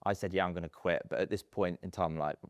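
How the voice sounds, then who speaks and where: A man in his thirties, telling stories in a casual podcast interview, chatty and animated with plenty of fillers. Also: deep voice, fast, no room sound, clean studio sound. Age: 30s. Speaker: podcast guest, estate agency businessman.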